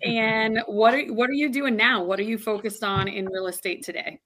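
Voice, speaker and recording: Woman co-host, middle pitch, friendly, playful interviewer. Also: steady tone, normal speed, fairly bright tone. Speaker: podcast co-host. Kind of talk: casual interview questions.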